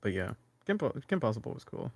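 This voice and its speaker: A man's voice: on the low side, very animated, fast talker, creaky, no room sound. Rambling young man, dry close sound. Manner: rambling, many fillers and restarts. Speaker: co-host. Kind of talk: casual chat.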